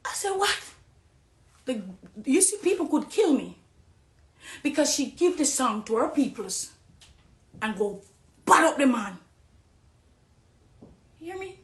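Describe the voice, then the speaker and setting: Jamaican woman, high voice, fiery spoken testimony, quiet to loud, roomy echo. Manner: pleading, swings from hushed to loud and emphatic. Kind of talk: impassioned testimony.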